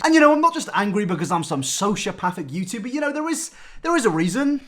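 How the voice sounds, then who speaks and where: A young man giving a satirical YouTube rant, mock-angry and sarcastic, jumping between loud outbursts and hushed asides. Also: high-pitched, sing-song, quick pace.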